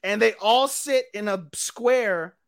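A podcast co-host recaps an anime plot in loose, casual chat that's crude, profane, and rambling. His voice sits at a middling pitch, slow and gravelly, with a clean tone.

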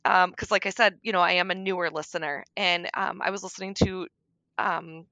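A middle-aged woman on a podcast, talking candidly about grief, frank and darkly joking, sometimes soft-spoken. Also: fairly low pitch, fairly even intonation, brisk, gravelly, no room sound. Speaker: podcast guest.

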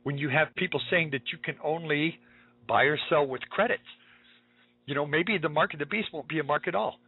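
Male talk radio host, husky, on the higher side, preaching with urgent emphasis; dry, phone-band audio. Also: fairly quick, no room sound. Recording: tinny phone-like line.

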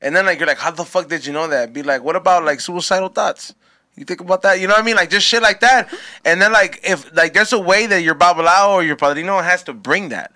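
Dude swearing a lot and telling stories, bright high-ish voice, dry close sound. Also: male voice, fast, no room sound. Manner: profane, animated storyteller mixing in Spanish phrases. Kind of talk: casual chat.

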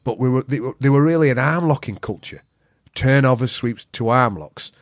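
Yorkshire bloke telling old stories, swears a lot, mid pitch, dry close mic. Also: male voice, normal speed, no room sound. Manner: blunt, sweary, northern dialect grammar. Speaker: podcast guest. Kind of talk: casual storytelling.

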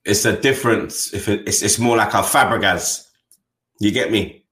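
A man's voice: fairly low pitch, normal speed, a bit bright. Blunt slangy man, roomy sound. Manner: blunt, slangy, keeps adding "you get me". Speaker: football fan channel host. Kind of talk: casual chat.

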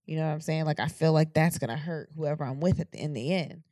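A woman's voice: deep voice, mellow, no echo, clean studio sound. A woman co-hosting a podcast, talking frankly and with plenty of swearing, often restarting her sentences in casual chat. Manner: frank, profane, halting restarts. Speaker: podcast co-host.

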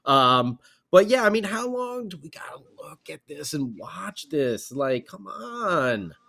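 A man's voice: a little high, sing-song, takes it slowly, vocal fry, sharp tone. A man co-hosting a casual sports podcast, sarcastic and exasperated. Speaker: podcast co-host.

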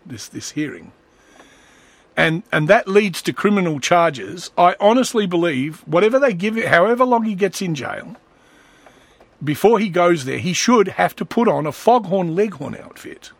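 A man's voice: fairly high pitch, creaky, fairly bright tone, no echo. A man talking in a rambling, sarcastic comedic monologue as a vlogger. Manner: rambling, sarcastic, slips into voices.

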